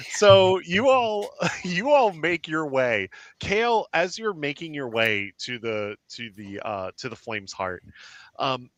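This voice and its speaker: Man, game master, rambling tabletop narration, bright voice, dry close sound. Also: on the high side, dry recording. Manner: rambling, laughing often, many fillers.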